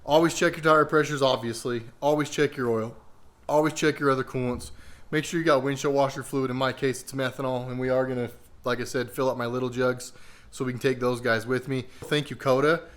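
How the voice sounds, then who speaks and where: Guy chatting about his car in the garage, smooth voice, lots of uhs. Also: medium pitch, a little fast. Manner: relaxed, rambling with many fillers. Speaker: car vlogger. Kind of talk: casual vlog walkthrough. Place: home garage.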